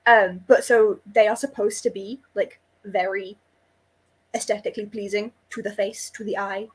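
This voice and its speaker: Husky young woman, rambling chat. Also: medium pitch, fairly even intonation, normal speed, poor audio. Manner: enthusiastic, rambling with many "like"s. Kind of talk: casual live-stream book chat.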